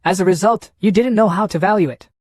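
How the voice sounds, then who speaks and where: A man's voice: sits high, fast talker, a little mellow, no room sound, studio quality, voice pushed up. A man voicing a cold, angry young male martial artist who speaks in a threatening way. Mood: cold anger.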